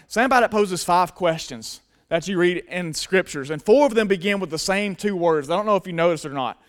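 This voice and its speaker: A male pastor preaching a sermon earnestly, dropping to hushed tones and rising to loud emphasis. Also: sits high.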